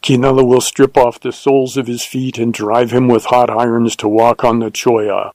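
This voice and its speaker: A man's voice: mid-range voice, flat delivery, normal speed, darkish tone, no echo, natural voice. A man reading aloud and voicing a harsh, commanding bandit leader in a western story.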